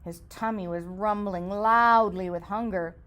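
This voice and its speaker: A woman reading a children's story aloud in an expressive, sing-song storytelling manner. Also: medium pitch, unhurried.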